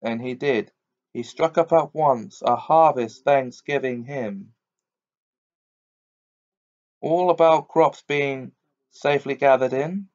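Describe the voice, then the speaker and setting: A man reading a children's novel aloud as audiobook narration in a measured, deliberate way. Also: medium pitch, darkish tone. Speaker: audiobook reader. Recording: dull lo-fi recording.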